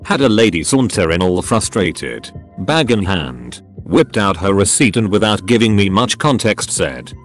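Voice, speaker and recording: A man with a low voice narrates online stories in a scripted, steady read-aloud delivery. His pitch moves lively up and down through the sentences. Faint music plays underneath. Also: a little slow.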